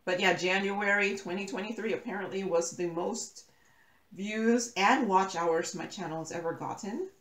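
A woman's voice: mid-range voice, normal speed, a bit bright. A woman talks to her viewers as she works on a diamond painting at her craft table. She rambles and corrects herself as she goes, laughing often. Her voice sits in the middle, and the room gives it a noticeable echo. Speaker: crafting YouTuber. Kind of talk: casual chat while diamond painting. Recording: roomy echo.

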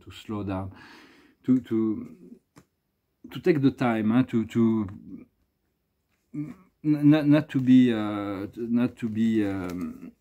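A middle-aged man giving a slow, meditative spiritual talk as an oracle reader. He halts often, repeating words and restarting his phrases. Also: fairly low pitch, mellow, husky.

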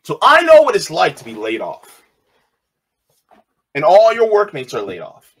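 A man casually telling a personal story on his channel, animated and repeating phrases, quoting others in a raised voice. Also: a little high, measured pace, breathy edge. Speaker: video host.

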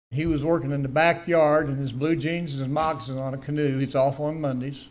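A man's voice: on the high side, fairly even intonation, fairly quick, few pauses. An older man, giving a personal testimony in church, telling his story earnestly with emphatic repetitions.

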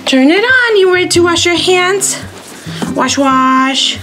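A woman hosting a toddler learning video, speaking in a slow, exaggerated, sing-song teacher voice. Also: extremely high pitch, animated, music in the background. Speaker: children's show host.

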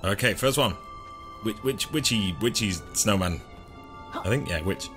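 A man's voice: fairly low pitch, measured pace, over music. A man hosting a let's play, giving chatty, self-mocking gameplay commentary and laughing often.

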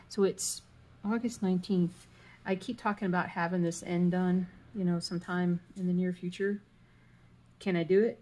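A woman's voice: on the low side, steady tone, moderate pace, a little mellow, slight background noise. A woman vlogging casually as she cross stitches, rambling and thinking aloud, humming and muttering to herself. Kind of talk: casual chat while stitching.

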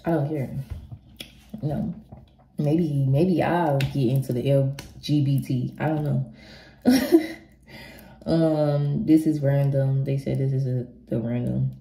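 Young woman, vlogger, low voice, blunt casual Q&A chat, cusses a lot, roomy echo. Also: slow pace, creaky, long pauses, mellow, a little hiss or hum. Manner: blunt, swears freely, rambles and restarts. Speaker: vlogger answering viewer questions. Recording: echoey room.

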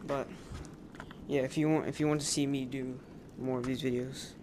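A man's voice: mid-range voice, little pitch movement, normal speed, background noise. A man giving flustered, apologetic let's-play commentary over a game. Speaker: gamer.

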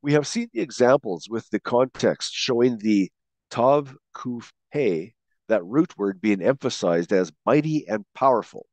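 A man teaching a Bible word study, slowly asking questions and stressing key words as he goes. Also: mid-range voice, lively intonation, a little mellow, dry recording. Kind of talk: scripted teaching narration.

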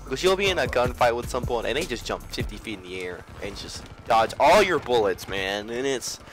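A young man giving excitable gameplay commentary, swinging between mumbling and yelling. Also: medium pitch, brisk. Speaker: gaming video creator. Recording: trap beat playing underneath. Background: background hip-hop music.

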